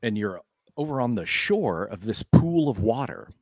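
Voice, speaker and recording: A man narrating as game master of a tabletop game, laughing often and talking in an unhurried way with fillers. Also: lowish voice, sing-song, no room sound.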